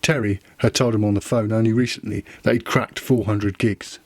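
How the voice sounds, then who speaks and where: A man's voice: lowish voice, fairly even intonation, moderate pace, no echo. A man narrating a novella trailer with dry, wry storytelling. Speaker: audiobook narrator. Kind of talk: scripted narration.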